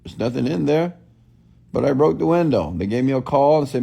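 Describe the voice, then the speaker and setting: A man's voice: fairly high pitch, expressive, fairly quick, vocal fry, mellow, slightly rough. A man giving a blunt, preachy motivational talk to a live audience, often asking if it makes sense. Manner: preachy, repetitive call-and-response questions; blunt, scolding. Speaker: motivational speaker.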